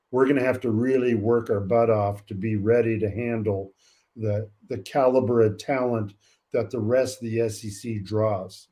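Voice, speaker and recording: Older male coach from California, warm and mellow tone, thoughtful delivery with lots of "uh" pauses; a seasoned guest on a sports podcast. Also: medium pitch. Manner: measured and reflective, many "uh" pauses. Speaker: college track coach, guest. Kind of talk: casual interview talk.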